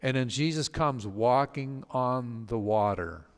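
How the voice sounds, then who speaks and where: A male pastor retells scripture stories for a study group at a middle pitch. He pauses and restarts often with fillers and shifts his voice to act out the people he quotes. A long reverb trails his words. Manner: storytelling, halting with fillers and restarts; acts out quoted speakers with voice changes. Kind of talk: Bible study teaching.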